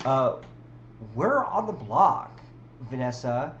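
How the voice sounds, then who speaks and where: A woman's voice: low voice, expressive, takes it slowly, lo-fi sound. A woman hosting a casual livestream, rambling with restarts and talking to her chat. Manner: rambling, many restarts and fillers, talks to chat. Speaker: livestream host. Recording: roomy with faint background hum.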